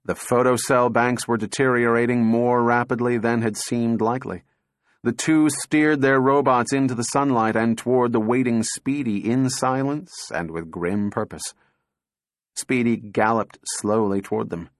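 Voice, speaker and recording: A male audiobook narrator reading in a measured, dramatic way. His voice sits in a middle range, and the recording is dry and close with no room sound. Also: mid-range voice, steady tone, no echo. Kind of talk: scripted narration.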